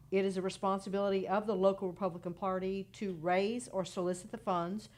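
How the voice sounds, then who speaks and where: Businesslike woman giving event details. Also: mid-range voice. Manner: businesslike, matter-of-fact. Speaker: guest, local party official. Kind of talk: informative announcement on radio.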